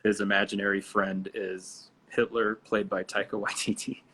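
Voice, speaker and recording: A man in a relaxed, chatty conversation on a live video stream, laughing often. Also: on the low side, moderate pace, slightly rough. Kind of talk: casual chat.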